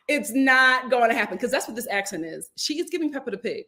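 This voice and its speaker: A woman giving casual, sassy commentary on reality TV, talking in a colloquial, animated way. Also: high-pitched, normal speed. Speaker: reality TV reviewer.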